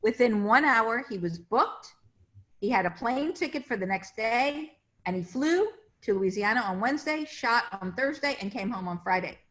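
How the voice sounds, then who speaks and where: A woman's voice: fairly high pitch, expressive, moderate pace, a bit bright. Chatty woman casting director telling stories. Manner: chatty anecdotes, acting out quoted voices. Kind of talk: casual interview storytelling.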